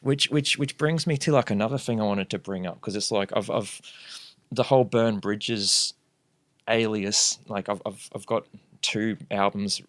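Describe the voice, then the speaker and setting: A man's voice: fairly low pitch, normal speed, fairly bright tone, no room sound. A young man talking as a guest MC on a casual podcast, earnest and rambling as he thinks aloud.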